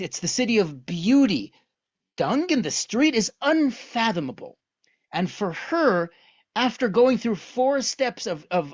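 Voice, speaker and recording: Animated man teaching with rhetorical questions. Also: high voice, dry recording, muffled recording. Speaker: lecturer on Jewish texts. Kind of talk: online lesson.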